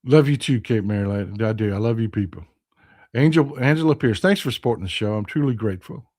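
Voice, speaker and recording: A Texan-accented man hosts a casual political live stream, reading out viewer comments and veering from loud outrage to quiet, hushed replies. His voice is lowish and his pace brisk.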